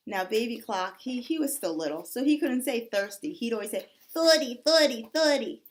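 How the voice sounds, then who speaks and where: A woman's voice: fairly high pitch, animated, a little fast, a little mellow. Woman teacher telling a story to children. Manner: checks in with "okay?" often.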